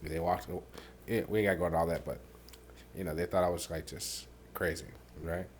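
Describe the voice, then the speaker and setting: A man hosting a podcast, telling his own painful story candidly, halting with many fillers and dropping quiet on the hardest parts. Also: fairly even intonation, slight background noise. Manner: softens and drops low on painful parts. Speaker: podcast host.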